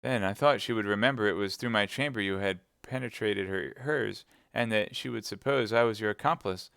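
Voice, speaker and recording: A man's voice: a little fast, vocal fry, fairly bright tone, clean tone, no echo, clean studio sound. A man voicing a frightened young female chambermaid, speaking in a pleading, breathless way during an audiobook reading. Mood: anxious. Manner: pleading, breathless, high-pitched.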